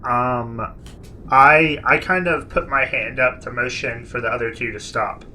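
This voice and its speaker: A man's voice: mid-range voice, steady tone, a little slow, sharp tone, slight background noise, low-quality recording. A man playing in a tabletop game, tentatively thinking aloud about his character's moves. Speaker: player.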